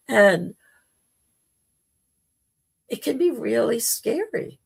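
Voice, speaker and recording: A woman hosting a live spiritual talk, telling a personal story slowly and heartfelt, with dramatic quoted asides. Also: fairly high pitch, big pitch swings, gravelly, slightly rough. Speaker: spiritual talk show host.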